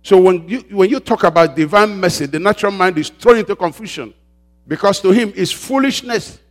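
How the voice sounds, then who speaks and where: Male pastor, slightly high voice; sermon delivery, prompts the congregation with questions, drags out emphasized words. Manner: call-and-response preaching, prompting the congregation with "what?"; rises and presses louder on key points, slows on emphasized words.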